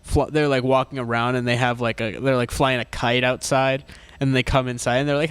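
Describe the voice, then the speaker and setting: A man's voice: medium pitch, level tone, brisk, fairly bright tone, clear, resonant tone. A young man co-hosting a casual comedy show, rambling and laughing often. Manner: rambling, giggly, meandering. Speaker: co-host.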